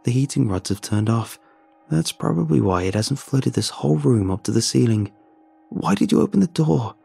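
A man's voice: mid-range voice, very animated, normal speed, vocal fry, warm tone, slightly rough, faint music behind, voice pushed up, exaggerated voice. A man reading a horror audiobook, voicing a frightened woman on a research base, with an urgent, alarmed delivery. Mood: insistent. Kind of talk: audiobook character voice.

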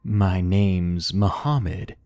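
A man voicing a creepy, leering middle-aged male stranger who talks low and slow. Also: steady tone, vocal fry, warm tone, exaggerated voice.

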